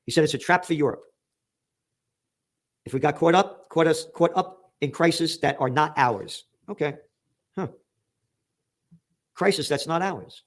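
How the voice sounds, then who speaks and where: A man's voice: a little high, unhurried, long pauses. Sarcastic American man ranting over headlines. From United States. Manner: emphatic, sarcastic, reads headlines aloud then rants. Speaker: political commentary show host. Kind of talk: ranting news commentary.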